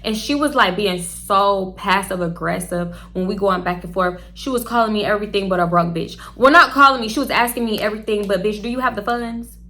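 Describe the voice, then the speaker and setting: A young woman, chatty and animated, telling a storytime to camera and talking straight to her viewers. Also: medium pitch, brisk, hardly any pauses. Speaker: storytime vlogger.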